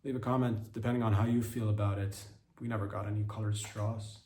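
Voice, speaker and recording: A man hosting a podcast, telling a crude comedy story in a rambling, profane, deadpan way. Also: on the low side, fast talker, a little hiss or hum. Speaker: podcast host. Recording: roomy echo.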